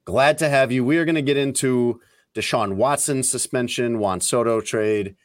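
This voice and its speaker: A man's voice: medium pitch, normal speed. A man hosting a podcast, chatting casually and teasing his co-hosts as he rambles through stories. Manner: animated, teasing, rambling storyteller. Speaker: podcast host. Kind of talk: casual banter.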